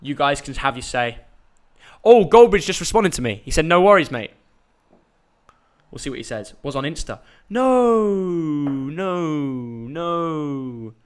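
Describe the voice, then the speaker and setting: A man's voice: on the high side, very animated, a little slow, darkish tone, clear, resonant tone. A young man, hosting a casual live stream and chatting in a rambling, jokey way. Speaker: YouTube host.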